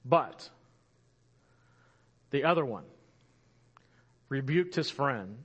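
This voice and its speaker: A man preaching a sermon in an animated storytelling way, rising louder for emphasis and dropping soft and slow at key moments. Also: medium pitch, breathy edge.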